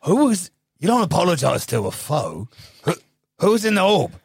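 Gravelly, husky man player. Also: high voice, moderate pace, no echo, clean studio sound. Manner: teasing, animated. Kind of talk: tabletop role-play.

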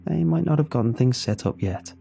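A man narrating a first-person horror story in a measured, tense way. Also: medium pitch, lively intonation, creaky, warm tone. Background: faint music.

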